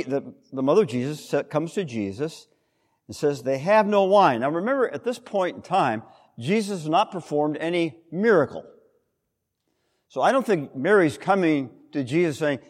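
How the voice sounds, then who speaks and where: Male preacher, animated and slightly high-voiced, teaching with rhetorical questions, recorded with long hall reverb. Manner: expressive, explanatory, rhetorical questions. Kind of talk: sermon.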